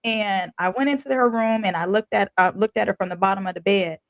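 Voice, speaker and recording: Animated woman host, dry close sound. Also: mid-range voice, a little fast, dry recording. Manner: animated, expressive storytelling with colloquial speech. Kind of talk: conversational interview.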